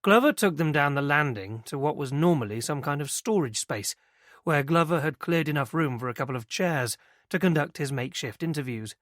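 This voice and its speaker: A man narrating a mystery audiobook in a steady, even-toned delivery. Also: fairly high pitch, fairly quick, no echo, clean studio sound. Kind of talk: scripted narration.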